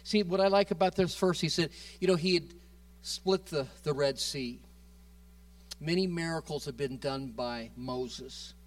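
A man preaching in a slightly raised register, his voice picked up from some way off the microphone. He is animated, restarts his phrases, and keeps checking in with the congregation. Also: measured pace, recorded from a distance. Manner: animated, rises loud and high when quoting Moses; repeats words and restarts, asks the congregation "amen?". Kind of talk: sermon.

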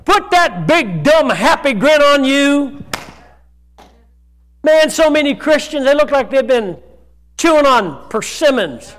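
Man preaching in church, really high voice, shouts then goes quiet reading verses. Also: sing-song, takes it slowly, pauses often, slight background noise. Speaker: pastor. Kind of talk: sermon.

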